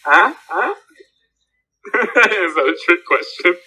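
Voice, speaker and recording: Slangy bright-voiced man hosting a chat. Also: big pitch swings, slow pace, husky, low-quality recording. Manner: slangy, swearing, acts out loud high-pitched quotes in stories. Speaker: host of a live audio chat room. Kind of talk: casual group voice chat.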